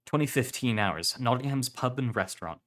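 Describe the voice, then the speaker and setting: A man reading a story aloud on a live stream, in steady narration with some self-corrections. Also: mid-range voice, normal speed.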